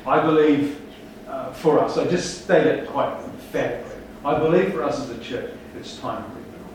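Emphatic preacher in an echoey hall. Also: male voice, medium pitch, normal speed, darkish tone, slight background noise. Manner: emphatic, rhetorical questions, rousing. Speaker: pastor. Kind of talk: sermon. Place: large church hall. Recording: echoey hall, speaker far from mic.

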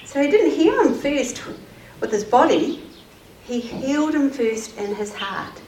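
Expressive children's storyteller, woman, lively pitch, distant roomy sound. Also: measured pace. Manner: animated, expressive, asking the children questions. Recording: roomy, distant mic, faint noise.

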